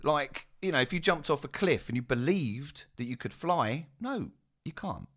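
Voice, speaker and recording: A man's voice: on the high side, animated, normal speed, a bit bright. A young man telling a casual story, chatty and self-mocking, with asides to his listeners. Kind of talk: casual spoken anecdote.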